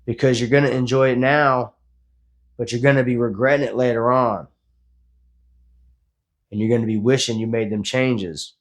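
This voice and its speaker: A man's voice: medium pitch, fairly even intonation, moderate pace, pauses often. A man in his forties giving a blunt, profane motivational talk after a workout, speaking as a fitness vlogger. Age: 40s.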